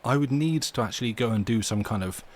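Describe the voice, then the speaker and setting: A man's voice: mid-range voice, expressive, quick pace. A man chatting casually with his live-stream audience, rambling and restarting his sentences between readings. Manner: rambling, self-interrupting, chuckling asides. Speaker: streamer reading stories aloud.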